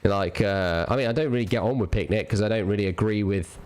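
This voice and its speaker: A man's voice: fairly low pitch, quick pace, darkish tone. A young man streaming a game, ranting casually, profane and rambling with lots of restarts. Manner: rambling, profane, repeats himself.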